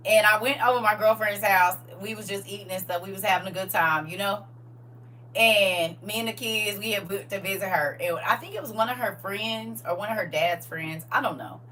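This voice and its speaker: A woman's voice: medium pitch, normal speed. A middle-aged woman casually telling a story to her viewers, acting out the quotes and laughing as she goes. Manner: animated, laughing, acts out quotes. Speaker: livestream host. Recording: distant mic with faint hum.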